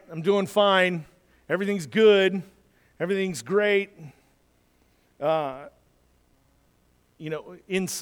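A man preaching a sermon as a pastor, talking conversationally and then building to urgent exhortation, in a church. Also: a little high. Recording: long hall reverb.

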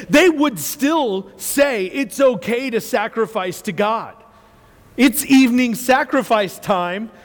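Man, pastor, sermon, high voice, animated storytelling, long hall reverb. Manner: animated storytelling, acts out quotes, laughs often.

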